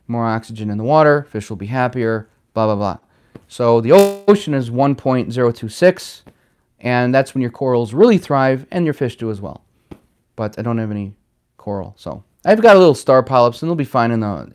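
Male livestream host, mid-pitched and smooth-toned, loose and chatty, reading out and answering the chat. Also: darkish tone. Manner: rambling, chatty, reads out viewer comments. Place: home in Chicago.

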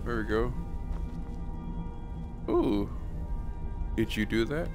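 A man's voice: lowish voice, expressive, takes it slowly, over music. A man streaming a game live, chatting casually and reacting aloud in a laid-back way with casual swearing. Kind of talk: casual live gaming commentary.

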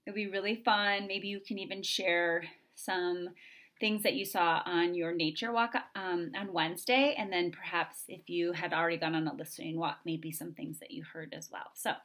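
A woman teacher reading a picture book aloud to young children, then chatting to them in a gentle, encouraging way. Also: on the low side, fairly even intonation, moderate pace.

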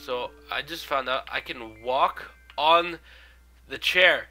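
A man's voice: mid-range voice, slow, sharp tone, faint music behind. Stuffy-nosed young man narrating gameplay. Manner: rambling, with many fillers and restarts. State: stuffy nose from a cold. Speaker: gaming video host. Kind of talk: casual gameplay commentary.

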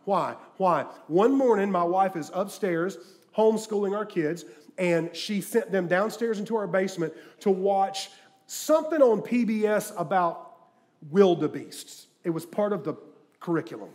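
A middle-aged man preaching a sermon, telling jokey stories and swinging from quiet asides to loud bursts. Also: high-pitched, moderate pace. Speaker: guest preacher. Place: church sanctuary with live audience.

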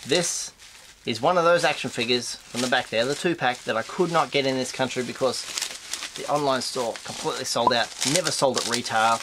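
An Australian man hosting a casual unboxing vlog, his voice nasal and stuffy from a flu, bursting into excited squeals. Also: brisk, noisy background. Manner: excitable, with sudden high squeals of delight. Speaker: host of a toy unboxing channel.

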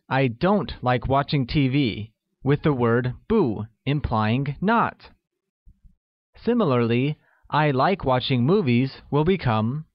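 A man reading a scripted language lesson, slowly spelling out each phrase for learners. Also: mid-range voice, no echo. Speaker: language teacher. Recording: dull, lo-fi voice-over recording.

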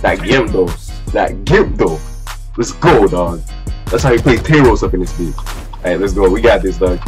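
A young gamer gives live commentary during a ranked fighting game, swearing, trash-talking, and repeating his phrases. His voice sits low and is animated at normal speed, with faint game music behind him.

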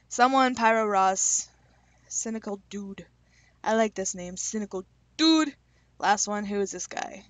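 Young woman, slightly high voice, joking casual vlogger, close dry mic. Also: dry recording, lo-fi sound. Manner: chatty, self-deprecating, reads questions aloud and answers with quick jokes. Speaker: YouTuber taking online quizzes. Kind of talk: casual vlog commentary.

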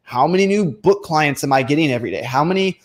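A young man talking casually about running a business, joking and lively, slipping into quick animated voices when he acts out other people. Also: a little high. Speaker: online bookselling coach. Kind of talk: casual instructional talk to camera.

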